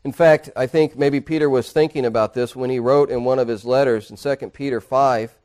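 A man pastor preaching a sermon in church, earnestly, dropping to quiet asides and rising to emphatic points. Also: medium pitch, fairly even intonation, brisk. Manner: earnest preaching, swinging between hushed and emphatic.

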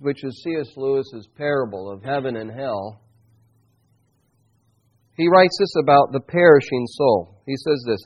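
A pastor preaching a sermon in an earnest, reflective manner, slowing down to stress key phrases. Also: male voice, mid-range voice, expressive, a little mellow, muffled recording.

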